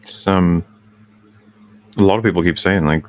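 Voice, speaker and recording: A man's voice: low-pitched, unhurried. A man co-hosting a casual chat, blunt and swearing as he riffs on ideas. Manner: blunt, swearing, animated riffing. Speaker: co-host.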